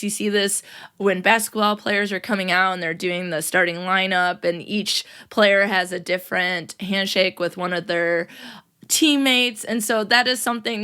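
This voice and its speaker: A woman's voice: mid-range voice, bright, forceful tone. A young adult woman hosting a casual solo podcast as a teacher, upbeat and playful, often laughing and putting on quoted voices. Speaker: podcast host.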